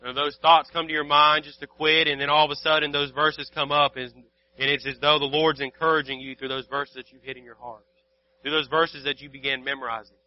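A man delivers a sermon in an earnest, repetitive manner, circling back to his points and restarting phrases. His voice sits a little high for a man. The recording sounds dull and lo-fi. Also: level tone, fairly quick. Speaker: preacher.

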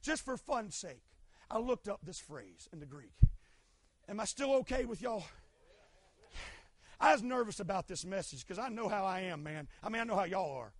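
A middle-aged pastor with a strikingly high voice, preaching with fervor. He shouts his main points and drops to hushed asides in between. The sound is dry and close, with no room around it. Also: animated, moderate pace, long pauses, no echo. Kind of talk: sermon.

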